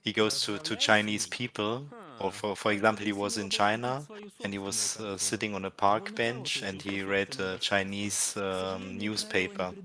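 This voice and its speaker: A German-accented man chatting on a live stream, spinning anecdotes and breaking into laughter as he goes. His voice sits fairly low, and he stumbles and restarts his sentences. A crowd murmurs clearly behind him. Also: little pitch movement. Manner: anecdotal storytelling, laughs often, halting restarts. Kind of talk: casual chat.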